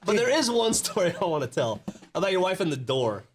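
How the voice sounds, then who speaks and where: A man's voice: high-pitched, a little fast, a crowd in the background. A man hosting a podcast, telling an anecdote in casual chat and acting out the back-and-forth of the people in it. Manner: animated storyteller acting out quoted exchanges. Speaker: podcast host.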